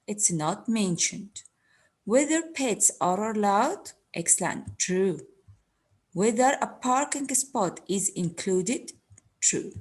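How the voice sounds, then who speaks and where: A woman teaching an English lesson, slowly repeating words and giving their meanings. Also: mid-range voice, lively intonation, slightly rough. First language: Arabic. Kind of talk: recorded classroom lesson.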